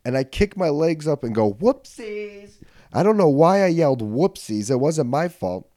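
A man hosting a podcast, telling a comedic story in casual chat. He swears freely, laughs as he goes, and swings from low mutters to loud outbursts on a studio mic. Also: normal speed, no room sound. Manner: animated, swings from mutters to yelling. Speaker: podcast host.

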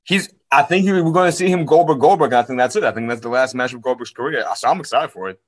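A man's voice: medium pitch, fast. An easygoing male co-host chatting casually. He talks with plain enthusiasm in an everyday voice. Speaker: podcast co-host. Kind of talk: casual chat.

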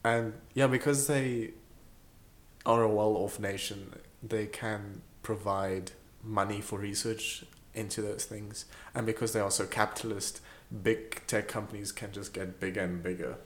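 A woman's voice: a bass voice, fairly even intonation, a little slow. A woman co-hosting a podcast in casual chat, searching for words with frequent "like" fillers. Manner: hesitant, many "like" fillers. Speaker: podcast co-host.

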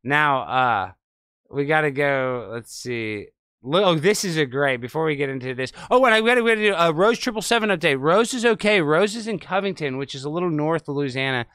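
A man hosting an online show, commenting sarcastically on news clips in a loose, animated way. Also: on the high side, a little fast, clear, resonant tone, no room sound, clean studio sound. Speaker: host.

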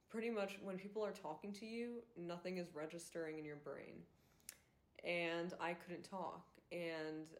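A young woman talks through her own podcast episode in a loose, rambling way, dotted with "like" and "um". Her voice sits a little low for a woman, and the room rings with noticeable echo. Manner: candid, rambling, many fillers like "like" and "um". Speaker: podcast host and influencer. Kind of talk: casual solo podcast monologue. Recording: roomy echo.

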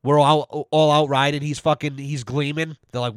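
Man ranting, profanity-laced, fairly high voice. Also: fairly even intonation, moderate pace, smooth, dry recording, clean studio sound. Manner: profane, repetitive. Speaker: podcast host. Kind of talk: mock-serious rant.

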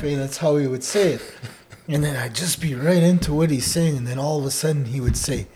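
A man with a voice on the higher side co-hosts a laid-back conversational podcast. He speaks easily and tags his sentences with "eh?". There is a faint noise bed under the voice. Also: moderate pace. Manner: laid-back, ends phrases with "eh?", turns loud and laughing when telling stories. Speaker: podcast co-host teaching Odawa. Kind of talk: casual conversational chat.

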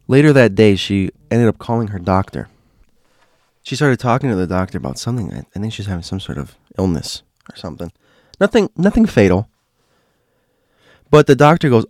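A man with a somewhat low voice retells a ghost story in a casual, dramatic way. He leans on rhetorical questions to press his point. The recording is dry and close, with no room sound. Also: sing-song, brisk, long pauses, darkish tone, no echo.

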